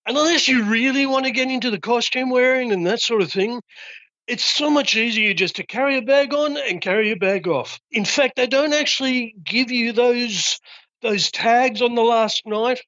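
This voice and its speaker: A high, bright Australian man talks in a relaxed, casual way, often doubling words as he hunts for the next phrase. His voice comes through dry and slightly muffled, like a lo-fi call. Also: moderate pace, no echo. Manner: relaxed, repeats words when searching for phrasing. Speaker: guest cruiser. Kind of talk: casual interview.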